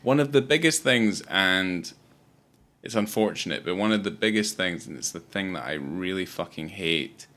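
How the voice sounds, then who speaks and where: A man's voice: low-pitched, expressive, moderate pace, bright, forceful tone. A man in his late thirties co-hosting a podcast, blunt and emphatic in casual talk about films, swearing freely. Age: late 30s. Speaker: podcast co-host. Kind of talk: casual film discussion.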